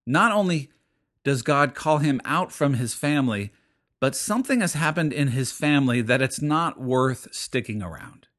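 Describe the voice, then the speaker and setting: A man's voice: mid-range voice, expressive, moderate pace, a bit bright. A middle-aged man preaching a sermon in an earnest, explaining way, with frequent fillers and restarts. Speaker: pastor.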